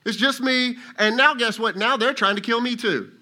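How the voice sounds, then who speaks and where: A male preacher voicing a whiny, exasperated prophet who pleads and complains to God, raising his voice high and loud. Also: normal speed, heavily acted.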